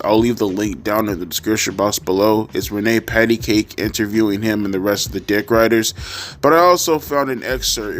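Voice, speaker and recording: A man hosting his own channel, ranting to camera about pro wrestling in a blunt, profane and sarcastic way. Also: lowish voice. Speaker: wrestling commentary vlogger. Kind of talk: casual rant to camera.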